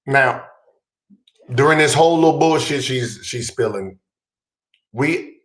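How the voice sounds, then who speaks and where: A man hosting a podcast, telling a profane story with loud, exasperated comic outbursts. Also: mid-range voice, a little slow, echoey room. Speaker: podcast host.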